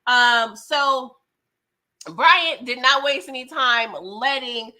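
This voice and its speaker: A young adult woman hosting a casual live stream, animated and often laughing as she chats with viewers. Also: high-pitched, slow. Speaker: livestream host reviewing a TV episode.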